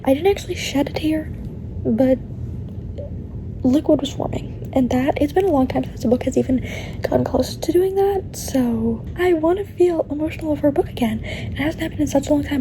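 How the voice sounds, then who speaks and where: A woman's voice: high voice, noisy background. A young adult woman chatting casually in a reading vlog, rambling and earnest, often breaking into laughter as she talks about books. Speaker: book vlogger.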